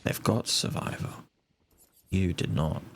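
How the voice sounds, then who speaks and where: A man streaming a video game live, thinking out loud, muttering to himself and swearing now and then as he plans. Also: sits low, sing-song, takes it slowly, gravelly, slight background noise. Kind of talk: casual live-stream gaming commentary. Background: game music.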